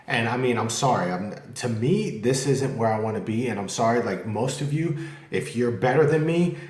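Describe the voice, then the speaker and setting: A man's voice: medium pitch, lively intonation, normal speed, darkish tone. A man vlogging casually at home, talking candidly and rambling, with occasional cursing. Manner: rambling, candid, curses freely. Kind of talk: casual vlog talk to camera. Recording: echoey room.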